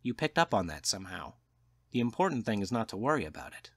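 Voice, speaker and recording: A man's voice: lowish voice, sing-song, fast talker, fairly bright tone, no room sound, exaggerated voice. A man voicing a worldly, cynical male journalist who lectures in a knowing, slightly raised voice, in an audiobook reading. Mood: explaining. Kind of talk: audiobook character voice.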